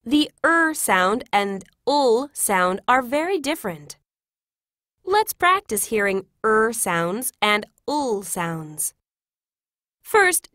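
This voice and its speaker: A woman reading example classroom phrases in a clear, careful, instructive way. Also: fairly high pitch, fairly bright tone, no echo, studio quality. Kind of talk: scripted reading of example sentences.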